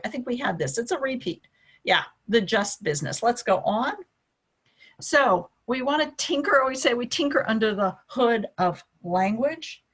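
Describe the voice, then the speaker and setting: A woman's voice: mid-range voice, a bit bright, breathy edge. A middle-aged woman giving a conversational webinar on coaching, talking through slides with many fillers and restarts. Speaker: wellness coaching trainer.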